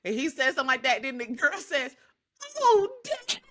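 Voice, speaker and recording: A woman's voice: sits high, fast talker, bright, forceful tone. A woman co-hosting a podcast in casual chat, with laid-back, laughing asides. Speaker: podcast co-host.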